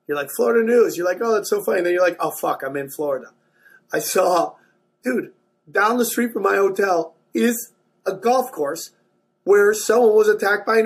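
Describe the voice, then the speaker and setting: A male stand-up comedian with a slightly husky, fairly high voice. He tells his stories in a loose, profane way and keeps jumping up into loud, excited bursts. The delivery is animated and hard to predict. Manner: animated, swearing, jumps into excited high outbursts.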